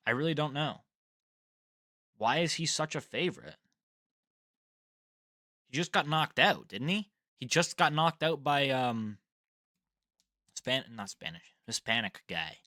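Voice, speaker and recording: A young man hosting his own fight predictions in a loose, rambling way, cursing freely and laughing at his own mistakes. His voice is bright and forward. It sits in a middle pitch and sounds dry and close, with no room around it. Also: dry recording. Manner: rambling, swears and laughs at himself. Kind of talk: casual solo commentary.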